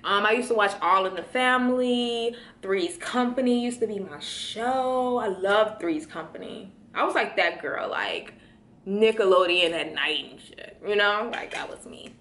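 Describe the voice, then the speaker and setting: A bright, clear-toned young woman from Chicago talks casually and in a slangy way straight to her viewers, calling them y'all. Her voice bounces around a roomy, echoey space. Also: mid-range voice, measured pace. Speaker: vlogger answering viewer questions. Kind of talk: casual chat.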